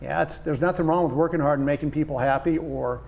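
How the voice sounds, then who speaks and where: A man in his sixties, a painting business owner, chatting as a guest and telling lively stories with quoted voices. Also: fairly high pitch, fast, vocal fry, slight background noise. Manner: enthusiastic storyteller, animated quoted voices. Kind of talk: casual interview chat.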